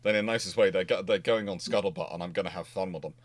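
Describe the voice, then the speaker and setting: A male naval historian hosting a casual livestream chat, animated and sarcastic, acting out both sides of the arguments he describes. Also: low voice, rapid-fire, no echo. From half Scottish, half Cornish.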